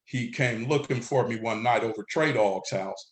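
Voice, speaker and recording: A middle-aged man from San Diego, a guest in a casual interview, retelling his past in a rambling, animated way full of filler words. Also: mid-range voice, moderate pace. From San Diego, California. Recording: roomy echo.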